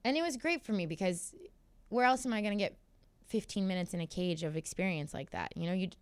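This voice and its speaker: A woman's voice: mid-range voice, quick pace, clear, resonant tone, no room sound. A young woman guest in a studio interview, telling her story candidly and acting out what others said. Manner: candid, animated storytelling, acts out quotes. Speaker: guest fighter. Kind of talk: casual interview chat.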